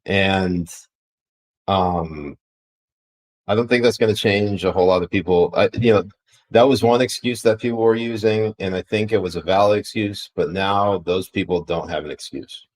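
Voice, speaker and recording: A man's voice: low voice, normal speed, poor audio. A man co-hosting a casual political podcast, blunt and profane, rambling with frequent restarts. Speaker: podcast co-host.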